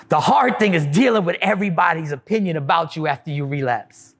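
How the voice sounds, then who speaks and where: Animated high-voiced man doing stand-up. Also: a little fast, few pauses. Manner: animated, mocking voices of others. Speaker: comedian. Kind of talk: stand-up style monologue.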